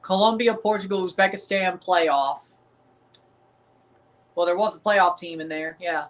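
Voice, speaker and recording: A man's voice: high voice, fairly even intonation, measured pace, poor audio. A man with a Southern US accent, hosting a match watchalong livestream in a casual, rambling, defiant way, often repeating himself. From American South.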